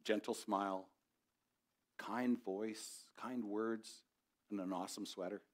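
A man's voice: fairly low pitch, steady tone, slow pace. A middle-aged man preaching a sermon as a pastor, conversational and building to passionate exhortation.

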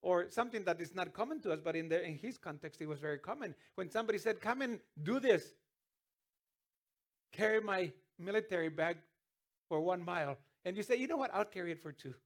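A man's voice: high voice, expressive, fairly quick. A man preaching a sermon as pastor, earnest, with restarts and sudden emphatic rises.

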